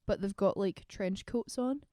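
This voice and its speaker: A woman's voice: mid-range voice, unhurried, warm tone, no room sound, studio quality. A young Scottish woman co-hosting a casual book podcast, bubbly and gushing, laughing easily. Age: young adult. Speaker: podcast co-host. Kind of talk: casual chat.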